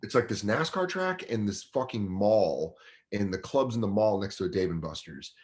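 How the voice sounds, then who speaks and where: A man with a low-pitched voice tells a casual story as a guest comedian, swearing freely. His delivery swings widely up and down in pitch as he acts out the other people in the story. He sounds like a man in his thirties. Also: animated, moderate pace.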